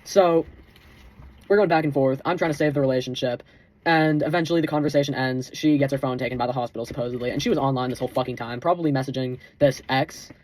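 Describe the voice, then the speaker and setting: Fast-talking young man ranting casually. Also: mid-range voice, darkish tone. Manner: profane, rambling, heated. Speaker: vlogger. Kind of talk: casual storytelling rant.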